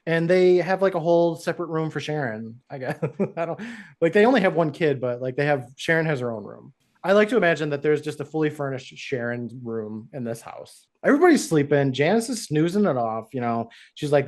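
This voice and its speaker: Talking fairly quickly in a slightly high voice, a podcast co-host gives a casual recap of a TV episode. He performs the characters' lines with animation as he goes.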